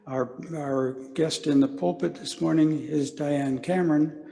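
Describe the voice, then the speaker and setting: Slow-spoken man introducing a guest speaker. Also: on the high side, steady tone, vocal fry, mellow, in a large hall. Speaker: service associate. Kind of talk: formal introduction at a worship service. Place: congregation sanctuary.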